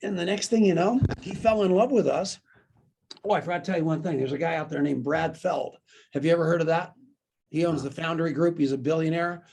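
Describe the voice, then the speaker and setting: A middle-aged man, a guest on an interview podcast, telling a story loudly and with lively energy. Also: a little high, brisk, vocal fry, slight background noise. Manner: loud, lively anecdote teller. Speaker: guest, network marketer.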